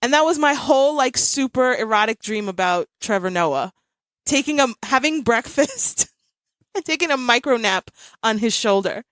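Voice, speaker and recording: A woman in her thirties hosting a podcast in casual chat, telling a story with animated energy and frequent laughter. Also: on the high side, normal speed, no room sound, clean studio sound. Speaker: podcast host.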